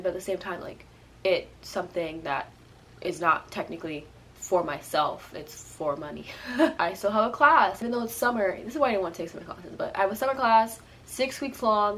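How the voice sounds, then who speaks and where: A woman's voice: mid-range voice, fairly quick, a bit bright, slight background noise. Rambling young woman, teary vlog talk. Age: early 20s. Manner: rambling, restarts sentences, many "like"s. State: tearful, crying at times. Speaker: vlogger. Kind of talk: casual sit-down rant.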